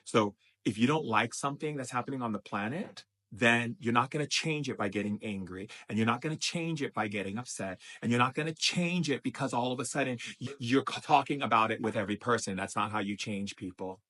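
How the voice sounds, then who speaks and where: A man's voice: medium pitch, brisk, few pauses, fairly bright tone. A man as a spiritual teacher giving an emphatic, repetitive motivational talk.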